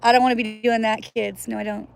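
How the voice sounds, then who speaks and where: A woman's voice: a little high, little pitch movement, quick pace, creaky. A woman casually chatting on a livestream from outdoors by cold water, playful and laughing often, whooping now and then. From US Northwest. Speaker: livestream host.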